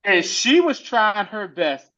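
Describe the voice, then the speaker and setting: A man with a fairly high voice chats loosely about a TV episode, full of slang and quick acted-out lines from the characters. The sound is dull and lo-fi, like a cheap podcast setup. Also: big pitch swings, pushed and bright. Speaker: podcast co-host recapping a TV episode. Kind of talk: casual chat.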